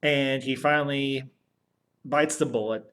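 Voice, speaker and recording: A man's voice: medium pitch, fairly even intonation, measured pace, a bit bright, clean tone. A man casually retelling a film's plot as a podcast host, rambling and often adding "and everything". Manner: rambling, repeats "and everything", restarts. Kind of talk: casual movie recap.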